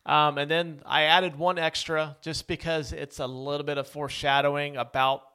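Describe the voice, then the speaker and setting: A man on the high side speaks at normal speed with a level, bright, forceful tone and a smooth sound. He co-hosts a podcast, chatting casually about a film, very talkative and prone to tangents in this movie-review chat.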